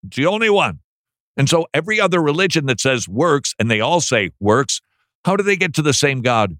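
A man's voice: on the high side, very animated, a little fast, fairly bright tone, no echo, clean studio sound. A male radio talk show host giving emphatic, sarcastic commentary with an incredulous edge.

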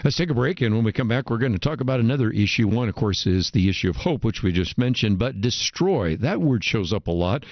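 A man hosting a faith radio program, interviewing a guest in a measured way. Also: fairly low pitch, expressive, no room sound. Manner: measured, leads into segments and breaks. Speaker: radio show host. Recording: dry, dull lo-fi radio audio.

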